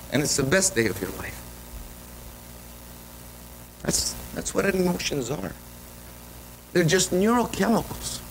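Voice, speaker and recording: Man, pastor, sermon, high voice, bright tone, animated storytelling. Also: a little hiss or hum, poor audio. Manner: animated storytelling with repeated restarts. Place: church sanctuary.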